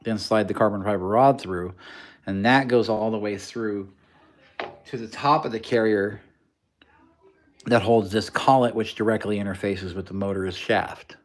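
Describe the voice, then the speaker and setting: A man's voice: fairly low pitch, measured pace. A man hosting a casual livestream, talking through a build in a rambling, joking, technical way.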